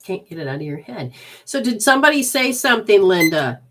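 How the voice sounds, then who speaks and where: A woman in the middle of a live reading session, talking casually to her viewers. Her sentences ramble and restart often, and she keeps dropping into quoted voices. Her pitch sits in an ordinary middle range. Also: very animated, a little fast, a bit bright. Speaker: intuitive healer giving readings to viewers.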